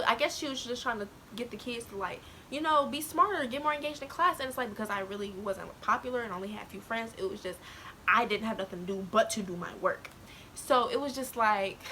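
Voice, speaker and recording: A teenage girl tells a personal story to her camera in loose, casual slang. Her voice sits a little high and sounds bright and sharp. A faint hiss runs underneath. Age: teens. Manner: candid, laughs to cope, quotes others, African American slang. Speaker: vlogger.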